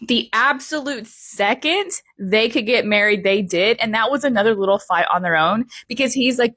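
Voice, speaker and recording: A woman's voice: a little high, moderate pace, few pauses, pushed and bright, no room sound. A young woman vlogger giving playful, emphatic opinion commentary, with lots of exaggeration.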